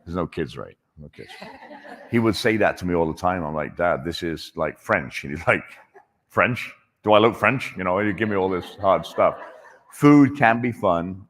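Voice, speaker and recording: A man working as a chef, joking with and encouraging audience members in a casual, animated way. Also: low voice, slight background noise. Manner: jokey and encouraging, with restarts. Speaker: chef answering audience questions. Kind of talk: casual, animated conversational talk. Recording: echoey hall.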